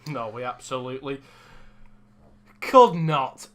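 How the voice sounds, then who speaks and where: A man's voice: mid-range voice, sing-song, slow pace, a bit bright. A young man co-hosting a casual sports podcast, ranting in mock exasperation and joking with his co-host.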